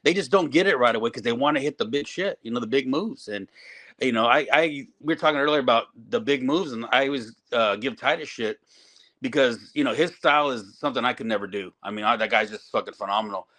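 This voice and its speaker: A middle-aged man talks shop as a veteran wrestling trainer, cursing freely and telling his stories with energy. His voice sits at a middle pitch for a man. It is a casual podcast conversation. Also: fast talker. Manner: profane, animated storytelling.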